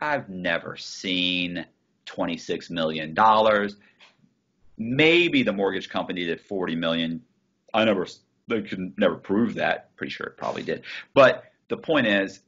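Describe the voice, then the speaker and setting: A man tells his story in a loose, casual way. His voice sits low and husky, and he swears freely and restarts his sentences. The sound comes through a muffled, dull video call line. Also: fairly bright tone. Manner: swearing, restarts, quoting others in his telling. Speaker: interview guest.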